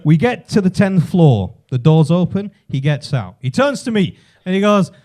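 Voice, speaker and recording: High-voiced Yorkshire comic telling a story. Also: male voice, moderate pace, few pauses. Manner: animated storytelling, builds to shouting. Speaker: stand-up comedian. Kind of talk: stand-up comedy set. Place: comedy club stage.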